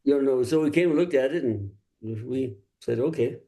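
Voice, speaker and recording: A man's voice: mid-range voice, normal speed, dark tone. An older man from Los Angeles, a singer-songwriter guest, telling easygoing, rambling stories in a casual interview.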